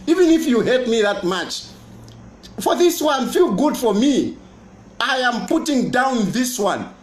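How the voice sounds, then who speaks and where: A politician with a Zambian accent talking to camera, boastful and mocking, repeating his points. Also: very high-pitched. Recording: roomy echo.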